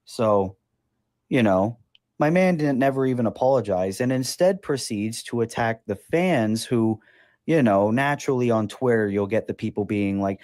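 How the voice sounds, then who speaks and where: A man's voice: medium pitch, animated, moderate pace, a little mellow. A man in his twenties hosting a podcast, ranting in a casual, sarcastic, profane way. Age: 20s. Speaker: podcast host.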